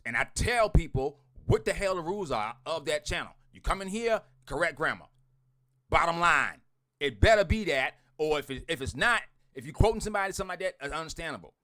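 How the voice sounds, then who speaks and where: A man with a fairly high-pitched voice delivers a heated, profane rant to his online group. He swears a lot, repeats himself, and swings from loud outbursts to muttering.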